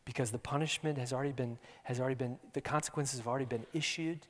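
A man preaching an earnest sermon, repeating his words and shifting between hushed near-whispers and loud emphasis. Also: medium pitch, fairly even intonation, fast talker. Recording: long hall reverb.

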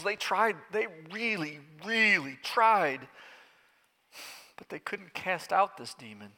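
Brief: a heartbroken father, pleading at a high, cracking pitch, as a preacher puts him on, with a long hall echo. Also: bright, forceful tone. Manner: pleading, breaking, urgent. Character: desperate pleading father of a sick boy. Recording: echoey hall.

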